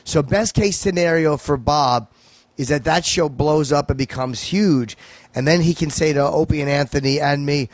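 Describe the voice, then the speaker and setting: A man guesting on a podcast as a stand-up comedian, talking in a dry, measured, profane way. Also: a little high, dry recording. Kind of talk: casual podcast chat. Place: home podcast room.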